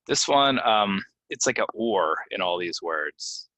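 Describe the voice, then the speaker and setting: A man teaching English pronunciation from slides, repeating each word slowly and giving example sentences with many ums. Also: fairly low pitch, lively intonation, bright, forceful tone, dry recording, rough recording. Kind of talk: slide-based pronunciation lesson.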